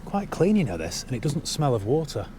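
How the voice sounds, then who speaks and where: A man's voice: medium pitch, very animated, fast talker, background noise. Dry-witted man checking a car. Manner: dry, wry asides. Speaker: used car dealer. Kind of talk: casual walkaround commentary. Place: inside a parked car on a cold day.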